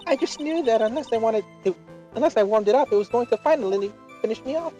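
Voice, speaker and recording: A woman performs a dramatic, teasing older nun from a courtroom game. The voice sits fairly high and rises and falls a lot as she hams up every line. Faint music plays underneath. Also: lively intonation, fast talker, mellow, lightly acted, low-quality recording. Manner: theatrical, teasing line reading. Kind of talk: game script voice reading.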